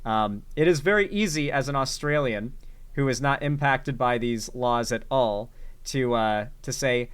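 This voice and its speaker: A man's voice: medium pitch, measured pace, clean tone. A man hosting a reaction commentary show, talking casually and sarcastically with lots of fillers and restarts. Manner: sarcastic, rambling, with filler words. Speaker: commentary host.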